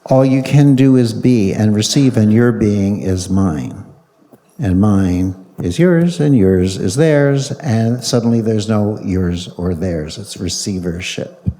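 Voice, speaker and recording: A man's voice: on the low side, takes it slowly, mellow. A man leading a live audience through a guided exercise, coaxing and playful, repeating short commands. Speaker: speaker on a panel. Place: large hall with a live audience. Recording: long reverb of a large hall.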